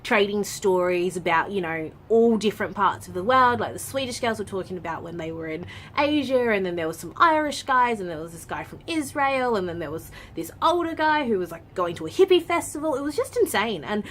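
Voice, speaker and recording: A young adult woman vlogging, telling a story in a chatty, lively way, full of "like" and casual swearing. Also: medium pitch, a little fast, slight background noise. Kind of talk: story time vlog.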